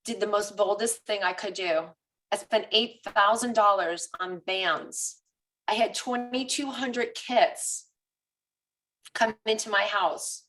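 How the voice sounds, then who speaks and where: A woman fitness coach in a casual live group coaching chat, telling personal stories in an animated, confessional way. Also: mid-range voice, recorded from a distance, rough recording.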